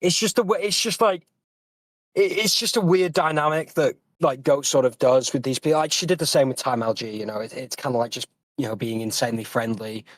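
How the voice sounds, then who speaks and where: A young man from Britain chatting casually, rambling and repeating himself with lively swings in pitch. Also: a little fast, no room sound. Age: young adult. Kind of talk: casual chat.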